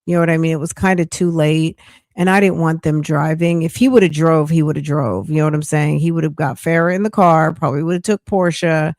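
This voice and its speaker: Chatty woman livestreamer, low voice. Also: darkish tone, no room sound. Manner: chatty, reads news aloud and reacts bluntly; greets viewers by name with pet names. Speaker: livestream host. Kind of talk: casual livestream commentary.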